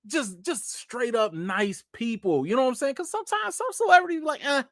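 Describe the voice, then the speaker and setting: A man hosting a casual live chat, telling stories in an animated way and talking to his viewers as "y'all". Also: extremely high pitch, a little fast, no room sound, studio quality. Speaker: channel host.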